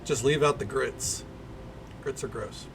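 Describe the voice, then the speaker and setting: Gravelly streamer. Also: male voice, medium pitch, a little slow, background noise. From American South. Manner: rambling, chatty, swears casually. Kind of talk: casual livestream commentary.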